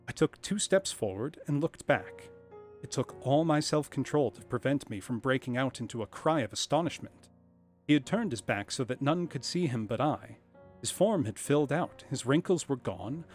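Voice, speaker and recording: A man reading a classic story aloud on a live stream, in a measured, expressive narrating voice. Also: mid-range voice.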